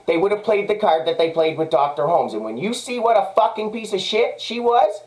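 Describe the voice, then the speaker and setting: A Canadian man talks in an angry personal monologue. His voice sits high, and he keeps circling back to the same points. He swears often, sounding agitated throughout. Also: brisk, few pauses, rough recording. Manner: agitated, repetitive, profane. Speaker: vlogger.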